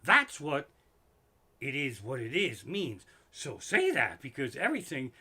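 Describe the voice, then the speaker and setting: Animated, profane comedian ranting. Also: male voice, mid-range voice, measured pace, husky. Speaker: stand-up comedian. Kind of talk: live-streamed comedy rant. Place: living room. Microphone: microphone in front of him.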